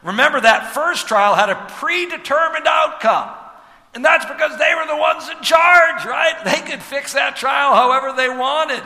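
A man preaching a sermon as pastor, animated, with rhetorical asides and sudden drops to a hush. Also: very high voice, normal speed, in a large hall.

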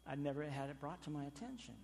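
Emphatic preacher in a reverberant hall. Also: male voice, a little high, expressive, fast talker, slight background noise. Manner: emphatic, swinging between loud stresses and quiet drops. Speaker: pastor. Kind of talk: sermon.

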